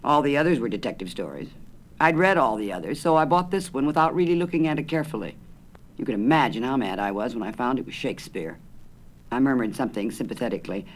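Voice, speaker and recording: Male narrator, wry story reading, expressive pitch, mid-range voice. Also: fast, slight background noise. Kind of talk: reading a humorous short story aloud.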